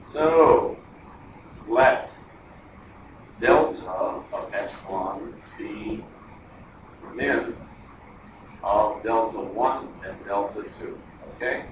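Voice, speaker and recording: A man with a lowish voice lectures on math at a classroom board, talking very slowly with long pauses. He chats and digresses, reasoning aloud as he goes, and the noisy recording comes from a distant lo-fi mic in an echoey room.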